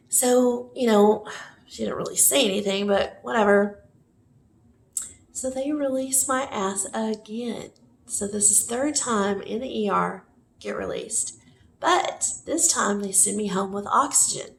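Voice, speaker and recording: A woman's voice: fairly high pitch, takes it slowly, creaky, pauses often. A woman casually telling a personal story to the camera, rambling with many fillers and self-corrections. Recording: echoey room with faint noise.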